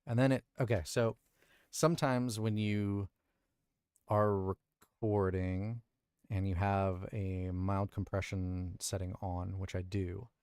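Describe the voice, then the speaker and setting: A man's voice: low-pitched, little pitch movement, slow pace, a little mellow, clear, resonant tone, no echo, clean studio sound. A male voice actor chatting casually on a livestream, explaining his editing and thinking aloud from his recording booth. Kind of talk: casual livestream chat about audio editing.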